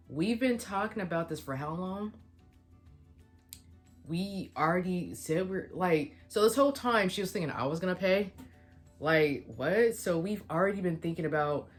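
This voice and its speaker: A woman's voice: fairly low pitch, animated, a little slow, pauses often, soft background music. A young woman vlogger retelling a story in a casual storytime, quoting the back-and-forth of a conversation.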